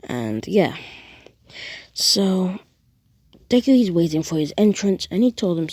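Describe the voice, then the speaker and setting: A young woman retelling a fan story casually, rambling and animated. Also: fairly low pitch, unhurried, dry recording. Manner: rambling, animated, lots of restarts and acted quotes.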